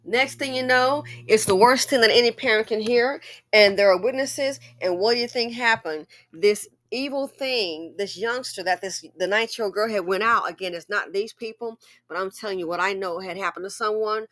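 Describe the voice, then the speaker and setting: A woman giving casual commentary on a news story, animated and talking straight to her viewers. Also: mid-range voice, normal speed. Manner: animated, addresses viewers directly.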